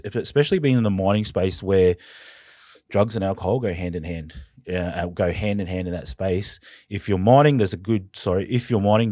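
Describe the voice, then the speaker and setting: Aussie bloke on a podcast, real low voice, earnest and halting, dry close sound. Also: male voice, a little mellow, no echo. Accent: Australian. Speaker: podcast guest. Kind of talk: personal storytelling in conversation.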